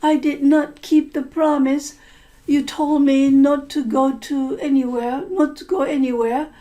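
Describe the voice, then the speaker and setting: Woman doing a young girl, apologetic and pleading, high voice, slow storybook telling. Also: little pitch movement, dark tone. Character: remorseful young girl pleading with her mother. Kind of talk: storytelling for language learners.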